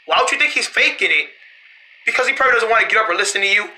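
Brief: lively storyteller voicing a cast, bright, laughs and shouts often. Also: medium pitch, rough recording. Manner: giggly and shouty, quick back-and-forth between voices. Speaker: storyteller voicing several characters. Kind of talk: playful toy-style role-play.

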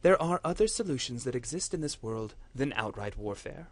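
A man's voice: mid-range voice, expressive, moderate pace, no room sound, lightly acted. A man voicing a stern, imperious matriarch who rules her battle lords with cold command. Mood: coolly dismissive. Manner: commanding, cold, erupts into shouting.

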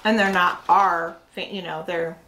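A woman's voice: fairly low pitch, steady tone, measured pace, pushed and bright, slight background noise, low-quality recording. A woman hosting a casual snack review, chatty and full of fillers as she thinks aloud. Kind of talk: casual food review chat.

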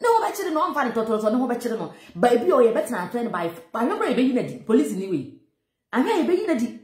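A woman's voice: a little high, big pitch swings, fast talker, a little mellow, echoey room. A Ghanaian woman giving emphatic, mocking commentary on a viral clip, mixing Twi and English. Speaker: social commentator.

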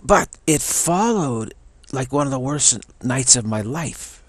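A man giving a casual personal testimony, halting often and repeating words as he goes. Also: mid-range voice, lively intonation, no room sound.

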